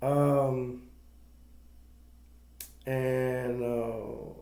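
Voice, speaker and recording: Guy rambling thru a movie plot, kinda flat mellow voice, lots of uh and um. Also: mid-range voice, extremely slow, creaky, echoey room. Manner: rambling, with many fillers and restarts. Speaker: movie reviewer. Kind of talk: casual plot retelling.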